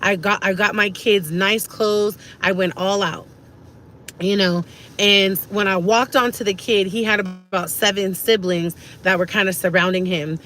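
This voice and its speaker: A woman's voice: mid-range voice, steady tone, unhurried, fairly bright tone. A woman, ranting emphatically to camera as a vlogger and repeating herself for stress.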